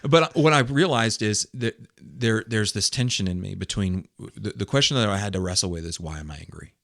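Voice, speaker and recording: Low-voiced man, earnest pastor talk. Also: moderate pace, gravelly, no room sound, studio quality. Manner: earnest, animated preacher-like emphasis. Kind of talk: casual podcast discussion.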